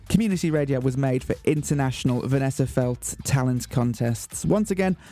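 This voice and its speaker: Playful radio host man, mellow voice. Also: mid-range voice. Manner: playful, mock-theatrical, excitable. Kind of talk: jokey community radio patter.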